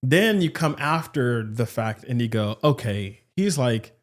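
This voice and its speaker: A man co-hosting a podcast in casual chat, animated, acting out other people's quotes as he talks. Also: a little slow. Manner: animated, acts out quotes with shifting pitch. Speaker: podcast co-host.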